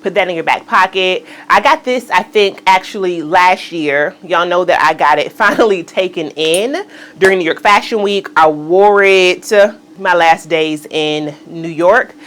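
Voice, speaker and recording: Speaking at a measured pace in a fairly low voice, a woman walks viewers through an outfit try-on. The chat is casual and animated, full of playful exclamations like "girl" and "y'all."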